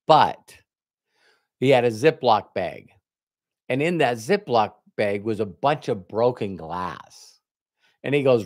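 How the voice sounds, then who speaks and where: A man's voice: medium pitch, expressive, normal speed, darkish tone, dry recording, clean studio sound. A middle-aged man giving a motivational business talk, telling a story and acting out both sides of a conversation. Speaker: network marketing trainer. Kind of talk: motivational talk with retold dialogue.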